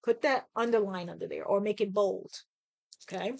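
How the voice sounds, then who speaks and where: A woman hosting a podcast, leading listeners through a guided breathing and journaling exercise, coaching them with slow, deliberate prompts and frequent okays. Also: mid-range voice, gravelly. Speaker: podcast host.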